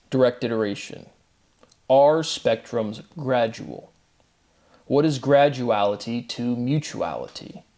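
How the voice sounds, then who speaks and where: A man's voice: mid-range voice, a little mellow. A man hosting his own channel, talking combatively in a rambling monologue and spelling out words letter by letter. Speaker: channel host. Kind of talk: monologue to camera.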